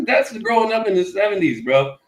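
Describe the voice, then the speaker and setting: A middle-aged man spins animated stories on a casual morning show, laughing and acting out the voices of the people in them. His voice sits a bit high, and the room around him rings with echo. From Florida. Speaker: co-host. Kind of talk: casual storytelling chat.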